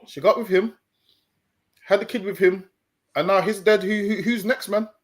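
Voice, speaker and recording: Man, high voice, preachy lecturing tone, repeats words, stream discussion. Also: steady tone, moderate pace. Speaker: street preacher co-host.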